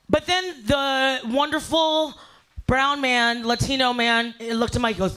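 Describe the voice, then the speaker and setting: Brash high-voiced woman comic. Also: normal speed, sharp tone. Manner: brash, profane, storytelling with big voiced asides. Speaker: stand-up comedian. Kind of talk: stand-up comedy set. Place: live fundraiser show.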